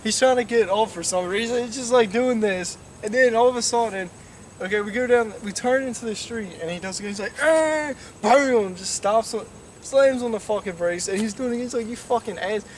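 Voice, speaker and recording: A man's voice: sits high, fairly quick. A young man telling a story in casual talk, swearing a lot and acting out engine noises. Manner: profane, animated, imitates engine noises. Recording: distant mic, faint noise.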